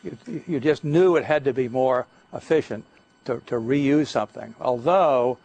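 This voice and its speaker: An older man giving a guest lecture, telling stories in a halting way, with many fillers and restarts. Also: medium pitch, a little mellow. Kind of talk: anecdotal lecture talk. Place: lecture hall.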